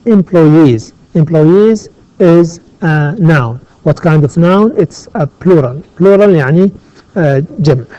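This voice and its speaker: A male English teacher works through a grammar exercise at a very slow, deliberate pace, pausing often and glossing words in Arabic. His voice is mellow and a bit high. The recording is dull and lo-fi, with a dry, close sound. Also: animated, no echo. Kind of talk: classroom grammar lesson.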